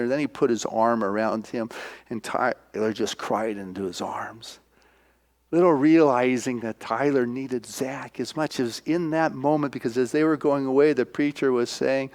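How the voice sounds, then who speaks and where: A male minister giving a sermon, retelling a film scene by scene in an animated, storytelling way. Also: medium pitch.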